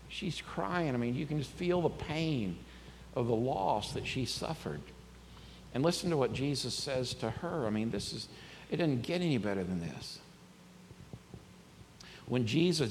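A man preaching a sermon in a conversational, animated way, reading scripture aloud and talking to his congregation. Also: medium pitch, a little hiss or hum. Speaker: pastor. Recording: long reverb, faint ambience.

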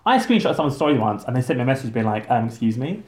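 A woman with a low-set voice chats playfully on a podcast, giggling and teasing. Her pitch leaps around wildly, and the sound bounces off an echoey room. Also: sing-song, rapid-fire, a little mellow. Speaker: podcast co-host. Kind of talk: casual chat.

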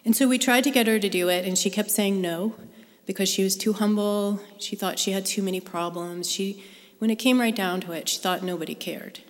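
A woman's voice: medium pitch, brisk. A woman sharing a personal faith story with a live group, in an earnest, conversational way. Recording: long hall reverb.

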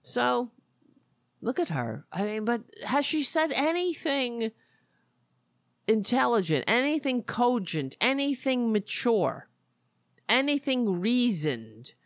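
A woman's voice: on the high side, big pitch swings, takes it slowly, no room sound, clean studio sound. A woman hosting a political commentary podcast, talking in a sarcastic, mocking way. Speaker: podcast host.

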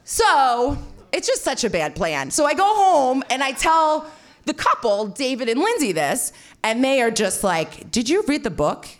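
A woman telling a personal story, animated and self-mocking, swearing freely and filling her talk with "like". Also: high-pitched, measured pace. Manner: animated, swearing, heavy filler "like"; self-mocking, frequent laughter.

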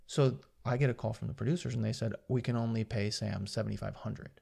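A man with a low, gravelly voice tells behind-the-scenes stories in a relaxed podcast conversation. He animates his anecdotes by acting out what people said to him. His speech is loose and peppered with swearing. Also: quick pace. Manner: animated storyteller, acts out quoted dialogue, swears freely. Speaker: guest filmmaker. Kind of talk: casual podcast storytelling.

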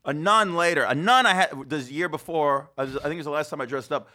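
A man hosting a podcast, telling rambling, foul-mouthed stories in casual chat, his voice slightly hoarse. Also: a little high, quick pace, pushed and bright. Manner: rambling storyteller, swears freely, laughs often. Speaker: podcast host.

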